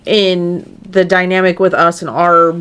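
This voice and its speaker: A woman's voice: fairly low pitch, little pitch movement, unhurried, fairly bright tone, smooth. A woman co-hosting a casual podcast at her microphone, talking earnestly and rambling with many fillers. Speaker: podcast co-host.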